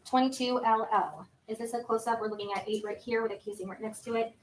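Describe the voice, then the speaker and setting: A woman with a somewhat high voice examines a witness in a courtroom, working through the exhibits one at a time. She speaks in a formal, methodical way, with a faint noise in the background. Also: steady tone, fast, rough recording. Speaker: prosecutor questioning a witness.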